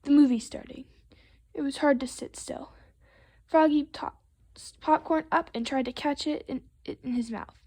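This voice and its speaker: A woman reading a picture book aloud to children, expressive and playful with the sound words. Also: sits high, a little slow. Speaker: storytime reader.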